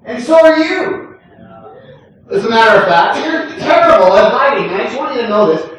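A man's voice: very high voice, expressive, normal speed, fairly bright tone. Grandfatherly preacher in an echoey church. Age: older. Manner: conversational preaching with frequent "right?" and chuckles. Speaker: pastor. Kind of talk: sermon. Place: church sanctuary. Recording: echoey room, distant from the mic.

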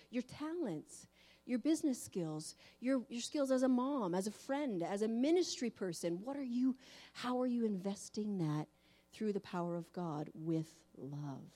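A woman preacher giving a sermon in an animated storytelling manner. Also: mid-range voice.

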